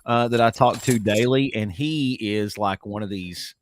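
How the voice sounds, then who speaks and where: A man's voice: fairly low pitch, a little slow, no echo. A man co-hosting a casual morning internet show, talking in a rambling way with lots of fillers and restarts.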